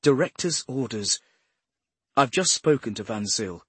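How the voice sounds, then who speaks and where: A composed woman detective explains herself politely, as a male narrator voices her. The voice sits higher than his own and stays husky and dry. She keeps a measured, careful tone. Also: expressive, fairly bright tone, no echo. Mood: stern. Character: composed female detective inspector, diplomatic.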